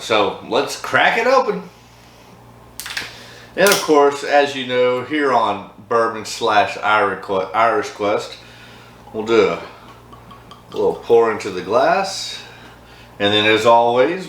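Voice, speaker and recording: A chatty man hosts a casual whiskey tasting, upbeat and quick to laugh. His voice sits fairly low, and the room around him rings with echo over a faint steady hum. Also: recorded from a distance. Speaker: host of a whiskey review channel.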